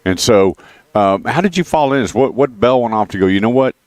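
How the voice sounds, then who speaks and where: A man's voice: mid-range voice, lively intonation, normal speed, darkish tone, dry recording. A man hosting a radio show, chatting casually and telling stories between plugs. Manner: chatty storyteller, repeats the phone number. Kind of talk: casual radio chat with car dealer plugs. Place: radio studio.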